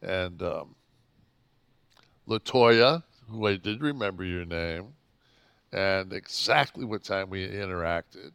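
A man in his sixties co-hosting a podcast, telling stories, swearing constantly and acting out his own shouting. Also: sits low, takes it slowly, vocal fry, pauses often, clear, resonant tone, dry recording, studio quality. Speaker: podcast co-host. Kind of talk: profane storytelling chat.

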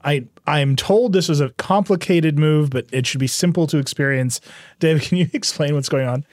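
A man's voice: a little high, normal speed, dry recording, studio quality. A man hosting a tech podcast, chatting casually and making wry jokes. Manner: wry, joking. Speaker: podcast host. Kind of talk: casual chat.

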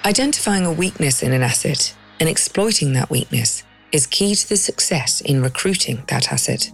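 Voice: mid-range voice, lively intonation, moderate pace, vocal fry, breathy edge, faint music behind. A documentary narrator reading a scripted story with dramatic pacing and rhetorical questions.

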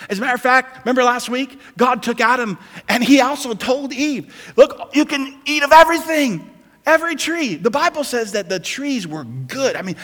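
A man's voice: high-pitched, a bit bright, big-room sound. A man preaching a sermon as pastor, building to emphatic, rising intensity.

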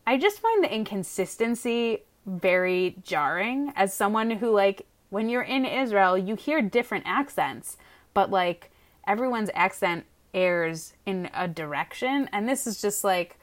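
A woman's voice: mid-range voice, animated, unhurried. A woman co-hosting a casual chat, talking frankly with lots of hedging and filler words. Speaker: podcast co-host reviewing a TV show.

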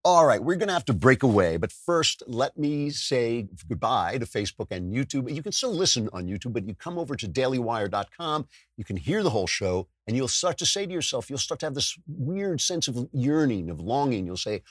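A man's voice: mid-range voice, fairly quick, hardly any pauses, husky, no echo, clean studio sound. A man hosting a podcast, delivering a sarcastic political commentary monologue with lots of restarts and self-corrections. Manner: animated, sarcastic, mimics voices. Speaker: podcast host.

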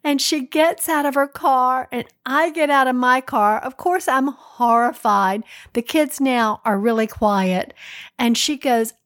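A woman's voice: high-pitched, fairly bright tone, no echo, clean studio sound. A middle-aged woman co-hosting a podcast, giving a chatty, story-filled pep talk. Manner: slow, chatty storytelling with frequent laughs. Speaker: podcast co-host. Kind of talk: solo pep talk monologue.

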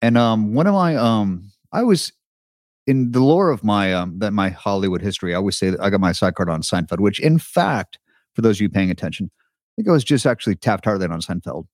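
A man co-hosting a podcast, telling a story in casual chat with an animated, storytelling manner. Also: on the low side, fairly quick, dry recording, clean studio sound. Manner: animated storyteller, lively delivery. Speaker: podcast co-host.

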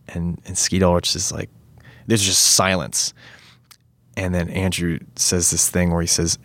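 An actor chatting as an interview guest, rambling and animated, often acting out quotes. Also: male voice, low-pitched, dry recording. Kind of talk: casual interview chat.

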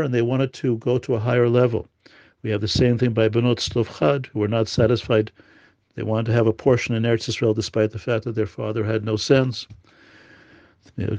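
Male Torah teacher, informal explaining lesson with Hebrew quotations, halting and filler-heavy delivery, dry lo-fi recording. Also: mid-range voice, darkish tone, dry recording. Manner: explains in English with Hebrew quotes, many fillers. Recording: dull lo-fi audio.

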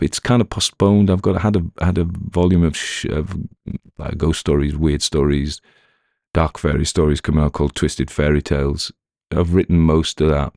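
A man with a Northern English accent talks loosely to his podcast listeners in a very deep, low voice. He rambles and jokes at his own expense, full of ums and restarts. The recording is dry and close, with no room sound. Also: darkish tone, no room sound. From Northern England. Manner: rambling, self-deprecating, many fillers and restarts. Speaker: podcast narrator and writer. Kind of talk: rambling casual talk to listeners.

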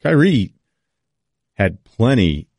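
A man hosting a podcast, giving an opinionated, rapid-fire rundown of basketball teams in casual sports talk. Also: on the low side, very animated, vocal fry, a little mellow, dry recording, studio quality. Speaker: podcast host.

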